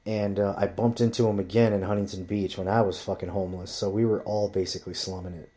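Foul-mouthed rambling man, mellow voice. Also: lowish voice, little pitch movement, quick pace. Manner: profane, rambling storyteller. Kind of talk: casual rambling chat.

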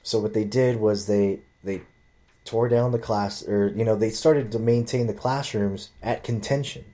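A man with a lowish, warm, dark voice tells a story in a loose, rambling way. He swears often and jumps into other people's voices when quoting them. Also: steady tone, a little slow. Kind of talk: casual storytelling.

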